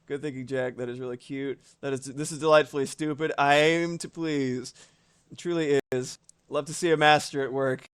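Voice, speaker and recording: Laid-back man in his thirties, smooth resonant tone and average pitch, loose live-stream banter. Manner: relaxed, chatty, reads chat aloud, swears casually. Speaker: streamer and animator. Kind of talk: casual live-stream chat.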